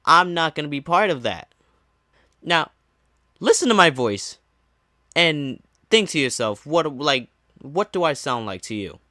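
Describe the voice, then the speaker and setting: A man's voice: on the high side, big pitch swings, measured pace, long pauses, sharp tone, dry recording, studio quality. A young man streamer telling a casual storytime, ranting with sarcastic, mocking retorts. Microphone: low-gain desk mic.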